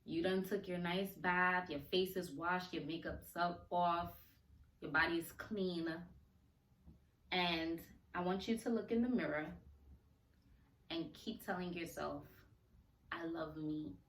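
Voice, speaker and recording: A woman's voice: lowish voice, fairly even intonation, a little slow, fairly bright tone, recorded from a distance. A woman hosting a solo podcast, talking in a heartfelt, conversational way and laughing often. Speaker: podcast host. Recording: roomy echo, voice a bit off-mic.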